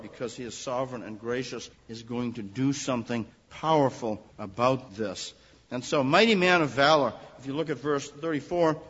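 Husky man preaching in a reverberant hall. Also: mid-range voice. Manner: animated, rising emphasis on quoted lines. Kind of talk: expository sermon. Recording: dull lo-fi recording with long hall reverb.

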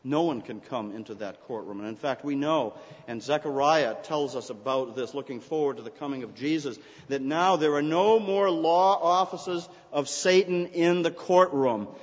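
A man's voice: a little high, moderate pace. A man preaching a sermon, explaining scripture earnestly and lifting his voice when he reads the verses aloud. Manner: earnest, rising to emphatic scripture readings. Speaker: pastor. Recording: dull recording in a reverberant hall.

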